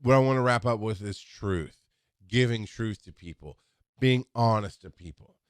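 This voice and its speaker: A man's voice: fairly low pitch, moderate pace, clean tone, no echo. A middle-aged man giving an informal teaching talk as an instructor, speaking candidly and rambling with restarts, acting out bits of dialogue. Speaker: EMS instructor.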